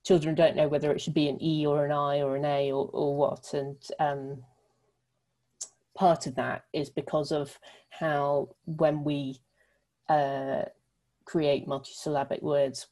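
A woman from the UK answers interview questions in a thoughtful, explanatory way. Her voice is low and mellow, and she pauses often on ums as she works through her points. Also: flat delivery, low-quality recording. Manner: thoughtful, filler-heavy explaining. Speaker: literacy researcher guest.

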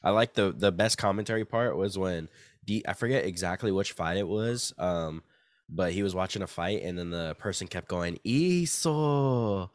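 A man co-hosting a casual podcast, telling animated stories and imitating what others said. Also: low voice, moderate pace, no echo. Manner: animated storyteller, mimics quotes. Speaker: podcast co-host. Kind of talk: casual chat.

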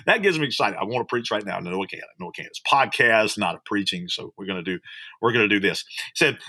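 A man, a pastor preaching on a podcast in an animated, repetitive style. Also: lowish voice, fairly quick, husky, no room sound. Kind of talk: podcast sermon.

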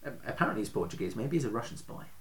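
A man's voice: lowish voice, sing-song, rapid-fire, background noise. A man hosting a casual podcast, telling stories in a chatty way and laughing often. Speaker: podcast host.

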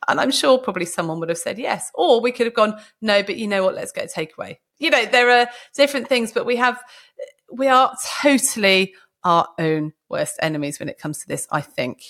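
A woman's voice: mid-range voice, expressive, brisk, a bit bright. A middle-aged woman, a doctor co-hosting a podcast, chatting in a casual, self-deprecating way and laughing often. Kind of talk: casual conversation.

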